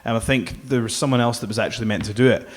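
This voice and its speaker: A man's voice: medium pitch, racing. A man, a guest wrestler telling rambling, self-mocking stories on a live podcast stage. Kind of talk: casual anecdote telling.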